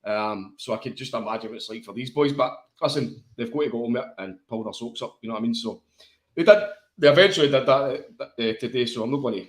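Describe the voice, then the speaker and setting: A man's voice: medium pitch, quick pace. A man with a Glaswegian Scottish accent co-hosting a football podcast, talking in blunt, sweary banter. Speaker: podcast co-host. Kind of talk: casual football chat. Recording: echoey room.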